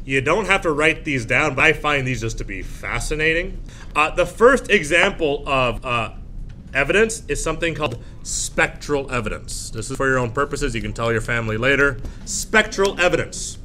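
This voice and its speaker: Animated man giving a classroom lecture. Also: normal speed, slight background noise. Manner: animated, acts out shrill voices of frightened girls. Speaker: teacher.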